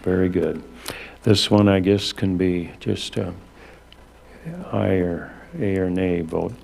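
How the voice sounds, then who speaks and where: Low gravelly guy running a council meeting, slow, lots of uhs. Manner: halting, many fillers, relaxed. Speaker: acting mayor chairing a council meeting. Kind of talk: chairing a meeting.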